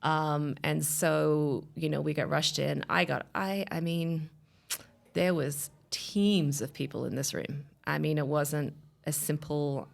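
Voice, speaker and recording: This guest, a woman in her thirties, gives an emotional personal testimony in a low, creaky voice at a slow pace, her intonation fairly even. She still tells it with animation, acting out the voices of others.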